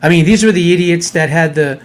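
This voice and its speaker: A man's voice: on the high side, a little fast. A man co-hosting a podcast, telling a story in a scornful, indignant tone. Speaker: podcast co-host. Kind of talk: casual opinionated chat.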